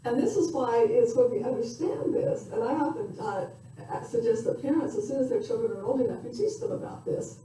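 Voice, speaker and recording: An older woman giving a parenting lecture in a reflective, conversational way, pausing with fillers. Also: fairly high pitch, expressive, dark tone. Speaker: parenting educator. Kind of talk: recorded lecture. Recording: echoey room from far off with faint noise.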